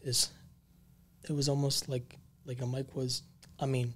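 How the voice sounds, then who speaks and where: A man's voice: mid-range voice, little pitch movement, unhurried, fairly bright tone. A man co-hosting a paranormal podcast, telling a creepy story in a rambling, slangy way with many fillers. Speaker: podcast co-host.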